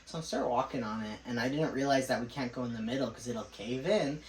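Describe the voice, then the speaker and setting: A man's voice: mid-range voice, fast talker. A man co-hosting a podcast, telling a story in a rambling way with lots of laughs. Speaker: podcast co-host. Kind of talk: casual chat. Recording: echoey room, mic at a distance.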